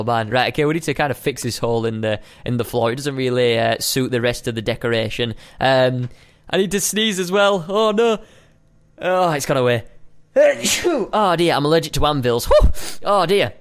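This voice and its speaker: A young man giving playful, chatty commentary while playing a survival game, now and then breaking into high squeals. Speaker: gaming video host. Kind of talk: casual gameplay commentary.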